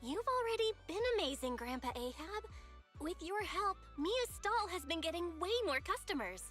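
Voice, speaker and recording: A woman's voice: very high voice, lively intonation, moderate pace, fairly bright tone, soft background music. An actress playing an eager, upbeat young female adventurer in a game. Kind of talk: video game voice acting.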